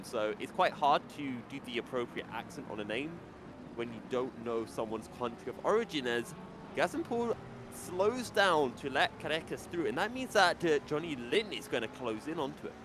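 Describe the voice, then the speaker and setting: A man commentating a sim race, chatty and quick to laugh as he breaks down the running order. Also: medium pitch, big pitch swings, noisy background.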